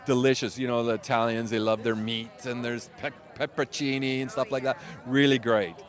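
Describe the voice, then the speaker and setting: A man's voice: mid-range voice, flat delivery, fairly quick. A man talking in an outdoor interview at a theme park, enthusiastically rambling about the food on offer. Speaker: food and beverage staff. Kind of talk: casual interview.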